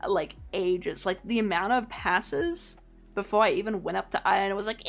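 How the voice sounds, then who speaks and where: A young woman streams as a VTuber, chatting casually and rambling, laughing often and swearing offhandedly. Her medium-pitched voice has vocal fry, she speaks at normal speed, and faint music plays behind her.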